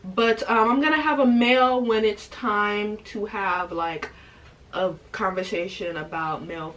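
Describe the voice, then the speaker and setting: A woman's voice: mid-range voice, a bit bright, recorded from a distance. A young adult woman vlogger in a casual, emphatic rant to camera who repeats her points for effect.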